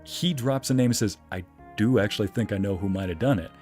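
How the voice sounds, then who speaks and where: A man's voice: on the low side, quick pace. A man streaming a game, telling a story in casual chat and acting out the quoted lines in a raised voice. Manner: animated, acts out quotes in a raised voice. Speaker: streamer and narrator. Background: faint background music.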